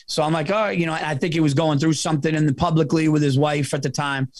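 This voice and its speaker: A man who is a comedian, hosting a podcast and telling a funny story in a casual, animated, self-mocking way, laughing and swearing as he goes. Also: fairly high pitch, quick pace, no room sound. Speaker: comedian host.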